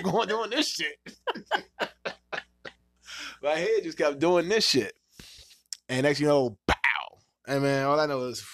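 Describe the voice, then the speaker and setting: A man hosting a podcast, telling a story in casual, profane talk and acting out quotes with sudden leaps in pitch. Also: dry recording, clean studio sound. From Washington, D.C. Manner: animated, profane, acts out quotes with big pitch jumps. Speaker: podcast host.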